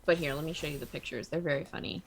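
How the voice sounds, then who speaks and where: A woman streaming a card game, chatting casually and telling stories in an animated way. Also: deep voice, racing. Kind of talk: casual chat while gaming.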